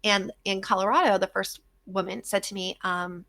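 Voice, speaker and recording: A woman with a New Jersey accent hosting a casual podcast chat, telling animated stories and acting out the voices of the people she quotes. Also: medium pitch, moderate pace. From New Jersey, USA. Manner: animated storyteller who acts out quoted voices. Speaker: podcast host.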